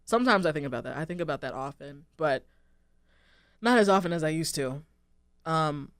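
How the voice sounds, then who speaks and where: A woman's voice: deep voice, no echo. Young woman host, reflective solo talk, earnest and rambling, dry close mic. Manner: earnest, rambling, heavy use of "like" and "um". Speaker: radio show host. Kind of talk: reflective casual monologue.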